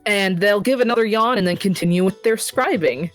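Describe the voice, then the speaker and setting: A woman's voice: medium pitch, brisk, soft background music. A woman player describing her character's actions in a casual tabletop role-play, rambling with fillers. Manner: rambling, full of fillers and laughs.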